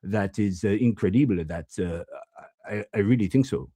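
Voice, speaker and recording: A man puts on a Frenchman fumbling through English with a French accent, leaning on the last syllable of each word. His voice sits low and mellow. It comes across muted and dry. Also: moderate pace, no room sound. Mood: musing. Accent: French accent put on. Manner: hesitant, stresses final syllables. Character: Frenchman speaking English, adult male.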